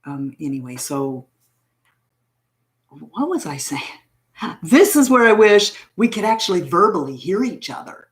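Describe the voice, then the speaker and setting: Lively, rambling woman livestreamer. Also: lowish voice, unhurried, long pauses. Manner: rambling storyteller, often loses her train of thought; chuckles often while talking. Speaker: beauty channel host. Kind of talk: casual livestream chat.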